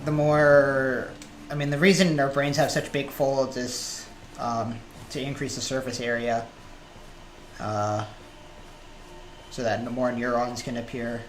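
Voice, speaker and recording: A man's voice: medium pitch, steady tone, slow pace, pauses often. A man live-streaming a video game, chatting casually and thinking aloud with fillers as he plays. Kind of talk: casual live-stream chat while gaming. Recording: echoey room with loud background noise.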